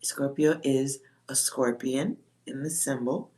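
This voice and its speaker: A woman with a low, grounded voice chats on a livestream as a psychic reader. She talks bluntly and swears freely, with laughs breaking into her talk. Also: measured pace. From Texas. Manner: blunt, profane, laughs often. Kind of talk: casual livestream chat.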